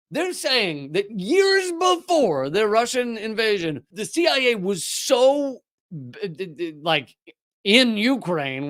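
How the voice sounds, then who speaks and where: A man's voice: a bit bright, dry recording, studio quality. A man hosting a political commentary show, talking in a sarcastic, mocking way and reading out news with running asides. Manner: mocking, mimics opponents in whiny high voices.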